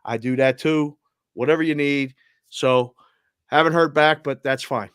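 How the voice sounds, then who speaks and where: A man's voice: on the high side, a little slow, a bit bright, clear, resonant tone, no room sound, clean studio sound. Earnest man co-hosting a betting podcast. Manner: earnest, heartfelt, reads listener messages aloud. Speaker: sports betting podcast co-host. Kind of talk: casual podcast chat.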